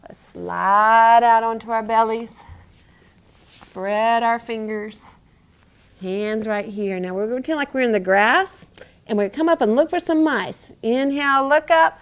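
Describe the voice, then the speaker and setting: A woman's voice: fairly high pitch, a little slow, clear, resonant tone. A woman yoga teacher and physical therapist guiding a child through a yoga class, encouraging and playful, with animal sounds.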